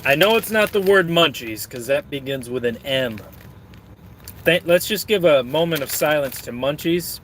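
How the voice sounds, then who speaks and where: A man's voice: a little high, animated, moderate pace, fairly bright tone, a little hiss or hum. A man streaming and reading his chat, rambling in a crude, joking way while snacking.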